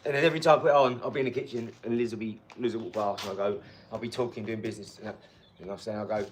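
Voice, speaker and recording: A man's voice: fairly low pitch, fairly even intonation, very fast, slight background noise. A man, possibly, talking casually to viewers in an upbeat, rambling vlog between workouts. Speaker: vlogger. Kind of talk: casual vlog talk while training.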